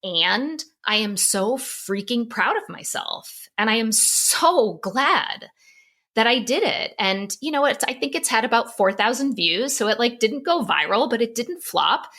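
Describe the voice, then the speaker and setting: A middle-aged woman, a psychologist, telling a candid personal story on a podcast, open and animated. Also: fairly high pitch, a little slow. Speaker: psychologist and author guest.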